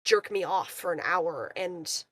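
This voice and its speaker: Bright, dry young woman telling a story. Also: fairly low pitch, measured pace, no echo. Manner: animated storytelling, quoting people in voices. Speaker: caller. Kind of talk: casual chat. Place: remote call into a livestream. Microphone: call audio.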